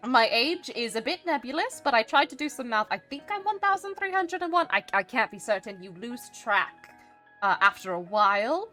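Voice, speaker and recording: A woman streamer talks casually in character, rambling along with plenty of "uh"s and restarts. Her voice sits a little high and swings widely in pitch. A touch of dry, smug humor runs through it, with soft music faintly behind her. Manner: rambling, hesitant, many fillers and restarts. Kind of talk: casual live-stream chat.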